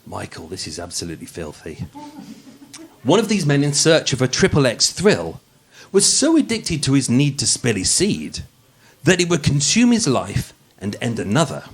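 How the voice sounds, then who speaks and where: A man's voice: medium pitch, huge pitch swings, moderate pace, breathy edge. A man from Birmingham hosting a true-crime show, telling the story live with jokey asides, stumbling and restarting as he goes. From Birmingham, England. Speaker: true-crime podcast host.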